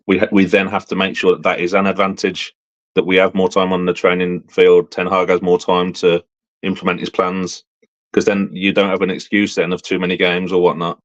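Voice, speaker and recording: A man speaking as a guest on a casual fan panel, measured, with frequent tag questions. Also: deep voice, no room sound, lo-fi sound.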